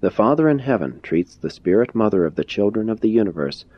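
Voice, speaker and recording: A man reading the lines of a gentle, persuasive adult male teacher in a measured, earnest and courteous manner. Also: lowish voice, expressive. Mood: earnest, instructive. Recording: dull lo-fi recording.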